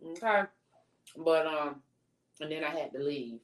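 A woman's voice: deep voice, measured pace. A woman co-hosting a casual live-stream chat, talking in a laid-back, slangy way. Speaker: co-host.

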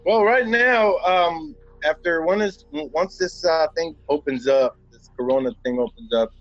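A man's voice: fairly high pitch, unhurried, dry recording. A man chatting as a guest on a podcast in a loose, rambling way, dull lo-fi recording. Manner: rambling, laid-back, full of fillers and "man". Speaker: podcast guest, actor and author. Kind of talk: casual interview chat.

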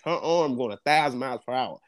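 A young podcast co-host with a medium-pitched voice talks fast, swapping stories in casual chat. He's animated and profane, swearing and laughing often. The recording has no room sound.

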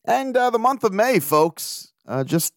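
A man's voice: high voice, big pitch swings, unhurried, no echo, studio quality. A man from the area, hosting a casual sports podcast, brash and joking and swearing freely. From Baltimore area. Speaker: podcast host.

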